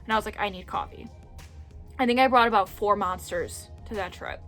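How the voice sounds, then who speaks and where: A young adult woman vlogger telling a story in casual chat, animated and chatty, swearing freely and acting out what people said. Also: mid-range voice, brisk, faint music behind.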